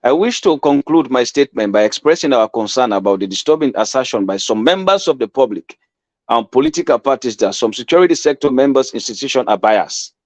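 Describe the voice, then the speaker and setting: A man's voice: medium pitch, darkish tone, no echo. A man with a Sierra Leonean accent reads out a statement and explains it, emphatic, repeating phrases and slipping into Krio. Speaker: commentator.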